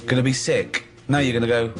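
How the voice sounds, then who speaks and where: A man hosting a radio chat, teasing his co-host with quick, mocking banter. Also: mid-range voice, steady tone, over music.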